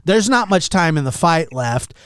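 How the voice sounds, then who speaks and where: A young man hosting a casual podcast, with a fairly high voice. He tells his story with exasperated energy and acts out the lines of the people in it. The sound is dry and close to the mic. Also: moderate pace, clear, resonant tone, no room sound. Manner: animated, exasperated storyteller acting out quotes. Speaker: podcast host.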